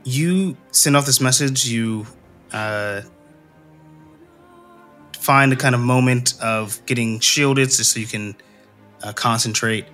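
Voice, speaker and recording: A man's voice: mid-range voice, slow pace, long pauses, pushed and bright, faint music behind. A man narrating a tabletop game as game master, hesitant and full of ums and uhs.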